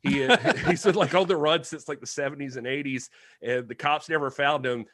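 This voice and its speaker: A man's voice: on the high side, normal speed, dry recording. A man co-hosting a podcast, chatting casually and adding joking asides. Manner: animated, jokey, adds asides. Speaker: podcast co-host. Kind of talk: casual chat.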